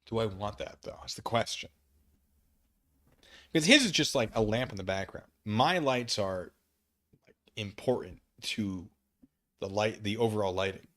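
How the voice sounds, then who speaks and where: A man's voice: on the low side, lively intonation, moderate pace, pauses often, a bit bright. A man streaming from his living room, chatting casually and reading chat aloud, rambling and self-deprecating.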